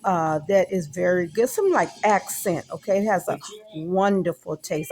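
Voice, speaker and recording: A woman talks over her cooking footage, relaxed and chatty, tagging "okay?" onto her sentences. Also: lowish voice, moderate pace. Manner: relaxed, repeats "okay?" often. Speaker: home cook.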